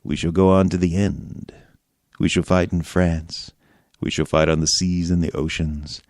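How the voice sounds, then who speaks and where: A mock-romantic crooner murmurs in a deep, soft, sultry voice, as a man puts it on. It is a comic reading, dry and close to the mic. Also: steady tone, unhurried, dry recording.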